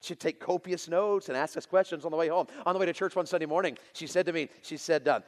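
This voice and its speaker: A pastor telling a story in a sermon to teenagers, getting louder and more excited as he goes. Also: fairly high pitch, quick pace, few pauses, long reverb tail. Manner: animated, builds to loud excited preaching.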